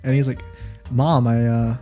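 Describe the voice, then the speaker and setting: A man's voice: medium pitch, level tone, moderate pace, dark tone, muffled recording, faint music behind. A man co-hosting a casual podcast, telling stories in a rambling way with lots of fillers and restarts. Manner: rambling, filler-heavy storytelling with many restarts. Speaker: podcast co-host. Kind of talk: casual chat.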